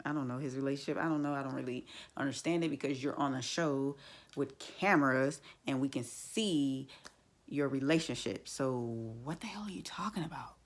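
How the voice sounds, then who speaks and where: Blunt chatty woman with vocal fry. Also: extremely low pitch. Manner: blunt, chatty, many fillers like "like" and "you know". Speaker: TV show reviewer. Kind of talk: casual opinionated recap.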